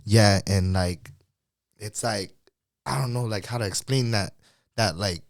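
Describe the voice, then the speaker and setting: Laid-back man with a low, dry voice. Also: unhurried, no room sound. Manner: laid-back slangy talk, laughs often. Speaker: guest singer. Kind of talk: casual podcast interview.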